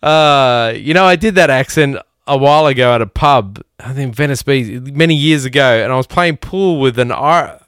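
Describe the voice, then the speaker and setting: A man's voice: medium pitch, normal speed, hardly any pauses, fairly bright tone, smooth, no room sound, clean studio sound. A man hosting a guitar podcast who talks in a loose, rambling, profane way and laughs at himself. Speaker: podcast host. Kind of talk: casual chat.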